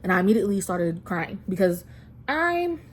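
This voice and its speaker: A woman's voice: mid-range voice, very animated, moderate pace, slight background noise. Twenty-something woman vlogging, rambly storytelling, lots of um and like, close to tears. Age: 20s. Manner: chatty, many fillers and restarts; emotional, near tears at times. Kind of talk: casual storytelling to camera.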